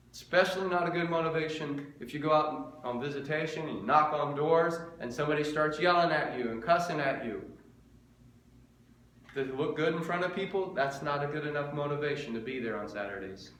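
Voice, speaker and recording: A middle-aged male preacher with a fairly high, bright, forceful voice. He preaches earnestly and drives points home through repetition and rhetorical questions. The sound rings around a reverberant room. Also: moderate pace, a little hiss or hum. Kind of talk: sermon.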